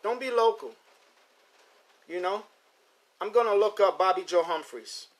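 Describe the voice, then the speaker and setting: High-pitched middle-aged guy hosting a pigeon stream, rambly, repeats himself a lot. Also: a little slow. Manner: rambling, repeats words, chats with viewers. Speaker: host of a pigeon racing show. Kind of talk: casual live-stream chat. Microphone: phone or computer mic.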